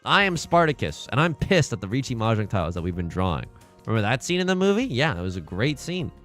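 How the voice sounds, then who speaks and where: A man talks through his game on a livestream with a lively, swinging voice and a bright tone. He jokes with his chat and repeats phrases in mock outrage. Faint music plays behind him. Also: mid-range voice, fast. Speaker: streamer. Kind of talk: casual livestream gameplay commentary.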